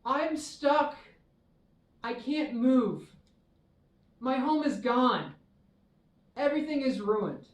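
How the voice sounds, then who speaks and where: A woman's voice: high voice, animated, takes it slowly, long pauses. A woman voicing a stubborn, fearful male pond turtle who clings to his home, insistent at first and then plaintive, in a children's story. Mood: distressed. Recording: echoey hall, mic far off.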